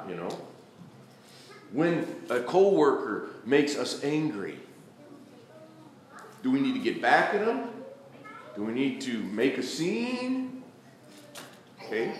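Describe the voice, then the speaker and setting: Animated preacher in his fifties, echoey room. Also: medium pitch. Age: 50s. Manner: animated, acts out quoted pleas with rising intensity. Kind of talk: sermon. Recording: echoey room with faint ambience.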